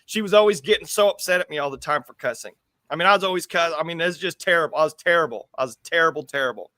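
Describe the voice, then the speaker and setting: High bright guy from the us, rambling co-host chat, dry close sound. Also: quick pace, no echo. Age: adult with school-age kids. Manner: rambling, repeats words while thinking. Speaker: show co-host. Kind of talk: casual talk-show chat.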